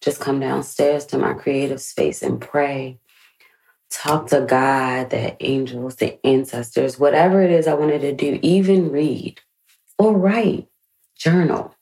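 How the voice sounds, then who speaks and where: Deep gravelly woman, candid and frank. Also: takes it slowly, mellow, rough recording. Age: 30s. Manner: emotional, frank, swears freely. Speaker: podcast host. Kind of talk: candid personal reflection.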